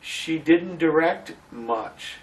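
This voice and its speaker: Animated man telling theater stories. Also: a little high, drawn-out words, recorded from a distance, low-quality recording. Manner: animated storytelling, many restarts. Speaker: community theater actor, interview guest. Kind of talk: casual interview.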